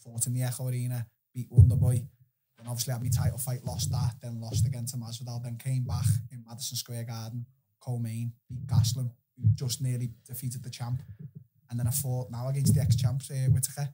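A man with a Scouse accent, a podcast guest telling his stories in an animated way and swearing freely. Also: medium pitch, a little fast, slight background noise. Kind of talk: casual storytelling.

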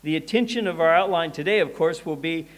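A man's voice: on the high side, brisk. A pastor preaching a conversational sermon in church, often restarting and repeating words as he goes.

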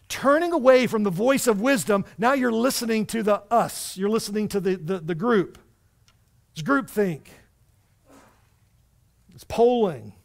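A man pastor preaching a sermon in a church, animated and conversational, with wry asides to the congregation. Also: sits high. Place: church sanctuary.

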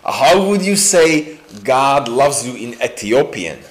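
Slow, chatty pastor with a lively voice. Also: male voice, medium pitch, a little hiss or hum. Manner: chatty and joking, with many fillers and slow restarts. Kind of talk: informal sermon. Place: church sanctuary indoors.

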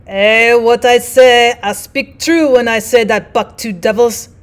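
A rough, blustering sled-dog driver, put on by a woman reading aloud, his broken English slow and loud. He booms out every word, the voice pitched a touch high and excitable, as in a storybook reading. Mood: boastful.

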